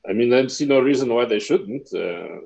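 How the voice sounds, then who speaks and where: A man's voice: mid-range voice, animated, moderate pace, gravelly, darkish tone. Dull-sounding man reasoning aloud. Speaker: player. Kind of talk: casual tabletop play.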